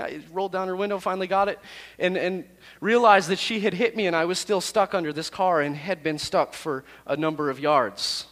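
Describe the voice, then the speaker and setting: A man who is a youth pastor, telling a personal story to his youth group in a lively, self-deprecating way. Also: on the high side, brisk, in a large hall.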